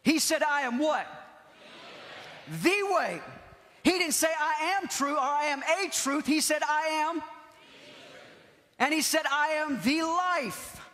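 A man preaching a Pentecostal sermon, impassioned, repeating key phrases and shouting at the peaks. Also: extremely high pitch, expressive, slow pace, pauses often. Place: large church hall. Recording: long hall reverb.

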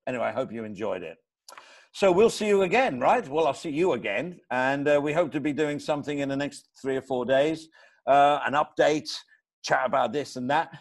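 A man co-hosts a casual chat over a video call at an ordinary middle pitch. He talks freely and banters with his co-host in a jokey way. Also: animated, a little fast.

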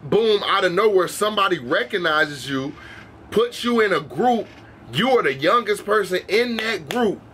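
A young man hosting a reaction video with a high, bright voice. He talks in a loose, slangy, profane way and keeps calling his viewers bro. A faint hum sits behind him. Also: expressive, normal speed. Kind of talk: casual reaction commentary.

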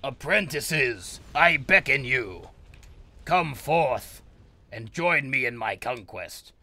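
Man putting on a pompous dark sorcerer. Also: medium pitch, big pitch swings, slow, exaggerated voice. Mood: grandiose. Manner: grandiose, declaiming. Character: pompous male dark sorcerer master summoning apprentices.

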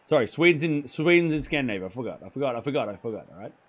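A hoarse man hosting a live tennis stream, talking excitably and rambling while chatting with viewers. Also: medium pitch, rapid-fire. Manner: excitable, rambling, self-correcting. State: hoarse from hours of shouting.

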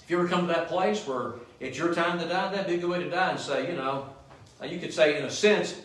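A little high, a little fast, and a bit bright, a man's voice carries through an echoey church sanctuary as he preaches a sermon. The mic is set at a distance, and he repeatedly asks the congregation "Amen?"

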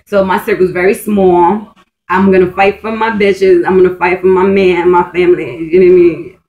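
A woman's voice: on the low side, fairly even intonation, a little fast, a little mellow, rough recording. A woman vlogging in a casual, rambling monologue. She swears freely, restarts her sentences often and says "like" a lot, and she speaks in a blunt, intense way. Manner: profane, blunt and streetwise; intense and emphatic.

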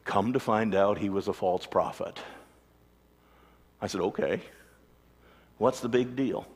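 A man preaching a sermon as a pastor, animated storytelling with acted-out voices. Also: lowish voice, unhurried, slightly rough. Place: church sanctuary. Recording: long church reverb.

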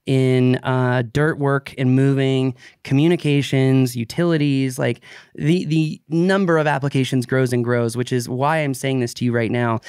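Animated, opinionated male podcast host. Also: medium pitch, clean tone, no room sound, studio quality. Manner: animated, opinionated, laughs often. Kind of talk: casual podcast chat.

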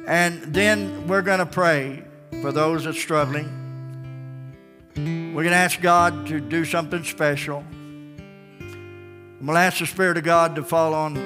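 Pastor preaching an altar call. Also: male voice, on the high side, fairly even intonation, slow pace, long pauses, over music. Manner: calls out names loudly, then drops to soft pleading. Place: large church sanctuary. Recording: church broadcast with long reverb.

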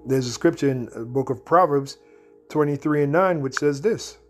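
A man giving a blunt, slangy preaching commentary, reading scripture verses slowly between remarks. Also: mid-range voice, faint music behind. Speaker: Bible teacher.

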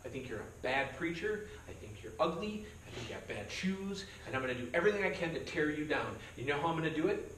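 A man's voice: on the high side, expressive, quick pace, a bit bright, slight background noise. A man pastor leading a conversational verse-by-verse Bible study, joking and acting out quoted voices. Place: church meeting room. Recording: roomy sound from a distance, faint background.

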